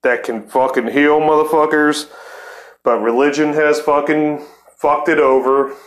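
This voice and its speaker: A man's voice: medium pitch, echoey room. Profane, heated man in his forties. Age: 40s. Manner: heated, cursing, laughing often. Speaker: podcast host. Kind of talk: profane casual chat.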